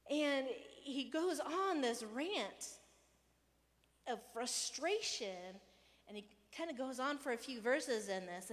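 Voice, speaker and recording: A woman pastor giving a casual, conversational sermon, animated and playful, sometimes raising her voice to act out a rant. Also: on the high side, big-room sound. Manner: conversational, animated, acts out rants with raised voice. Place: church hall.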